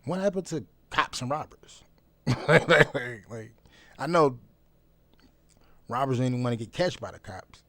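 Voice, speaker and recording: A man talking bluntly and profanely in a casual vlog monologue. He repeats phrases for emphasis and swings between loud outbursts and low mutters. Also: lively intonation, moderate pace, long pauses, dry recording. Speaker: vlogger.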